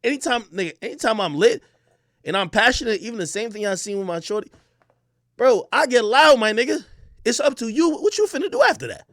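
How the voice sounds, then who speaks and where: Loud, boastful young man ranting on a stream. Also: very high voice, lively intonation, fairly quick, no echo, clean studio sound. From Jamaica. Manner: loud, profane, boastful, swings between shouting and muttering. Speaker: livestream host. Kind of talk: heated ranting livestream.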